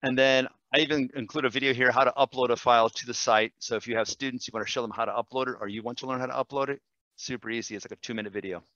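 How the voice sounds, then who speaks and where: A man, a language teacher, demonstrating software in a webinar, enthusiastic and quick, with fillers and self-corrections. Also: medium pitch, steady tone, no echo, muffled recording. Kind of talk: screen-share webinar demo.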